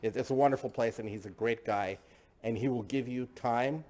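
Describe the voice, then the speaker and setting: Man, host, casual tasting chat, enthusiastic, repeats phrases, mid pitch. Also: brisk, a little mellow. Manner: enthusiastic, chatty, repeats himself. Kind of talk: casual hosted tasting discussion.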